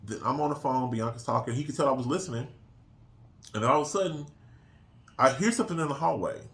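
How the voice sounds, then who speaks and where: A middle-aged man casually telling a story, acting out quoted voices in an animated way. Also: medium pitch, fast. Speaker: co-host.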